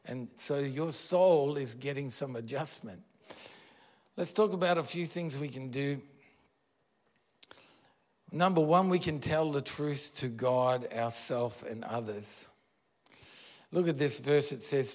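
A man's voice: mid-range voice, slow pace, pauses often. A man preaching a sermon as pastor, earnest and conversational, asking his listeners questions.

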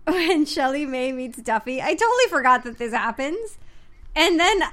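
A young adult woman chatting casually as a vlogger, animated and playfully mocking. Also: sits high, moderate pace. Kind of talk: casual chat.

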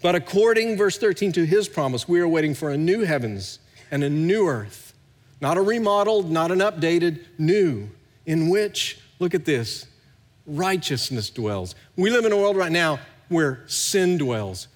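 A middle-aged pastor preaching a sermon, swinging between hushed and loud, recorded in a large church hall. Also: male voice, a little high, big pitch swings, a little slow. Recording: long hall reverb.

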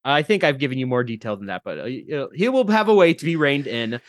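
A man who is a guest on a tabletop gaming podcast, chatting casually with bursts of enthusiasm. His pitch sits in the middle and the recording is dry and close. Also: expressive, fast talker, dry recording.

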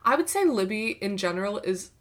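A young woman co-hosting a podcast in casual chat, speaking warmly and effusively. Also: medium pitch, sing-song, fairly quick. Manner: warm, effusive, heartfelt. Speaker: podcast co-host.

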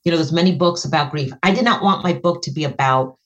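This middle-aged woman is a fast talker, a guest author earnestly telling an emotional story about her life. Her voice jumps high as she relives moments, and the highs in the audio are cut off.

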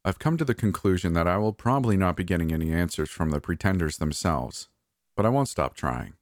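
A man narrating a first-person horror story in a calm, measured, slightly wry way. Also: deep voice, no echo, clean studio sound.

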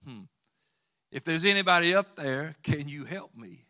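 A man's voice: on the high side, lively intonation, moderate pace, bright, forceful tone, voice pushed up. A man preaching a sermon voices a frightened male hiker clinging to a cliff, calling upward and pleading for help.

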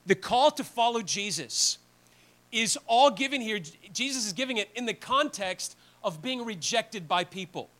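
A man's voice: high-pitched, expressive, normal speed, a bit bright. A man preaching a sermon in a conversational, earnest way, often restarting phrases. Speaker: pastor.

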